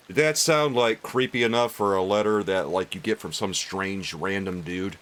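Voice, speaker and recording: Low-voiced joking gaming streamer. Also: male voice, normal speed, few pauses, a bit bright. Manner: joking, crude, chatty with viewers. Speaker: let's play streamer. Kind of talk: casual gaming commentary.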